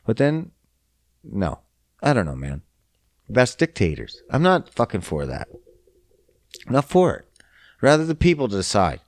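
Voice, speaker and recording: A man's voice: medium pitch, huge pitch swings, unhurried, pauses often, dry recording, studio quality. A young man from Canada hosting a podcast, ranting in a profane, exasperated and mocking way. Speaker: podcast host. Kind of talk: casual solo rant.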